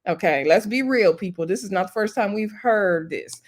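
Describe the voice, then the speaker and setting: A woman's voice: mid-range voice, lively intonation, moderate pace. A woman casually recapping a reality show episode for her viewers in a chatty way, full of fillers. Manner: chatty retelling with fillers, addressing viewers as y'all.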